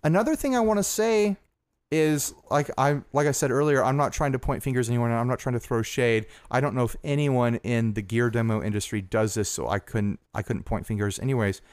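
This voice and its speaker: A man's voice: mid-range voice, brisk, clean tone, no echo, clean studio sound. A man co-hosting a podcast in casual chat, talking earnestly and rambling with restarts. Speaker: podcast co-host.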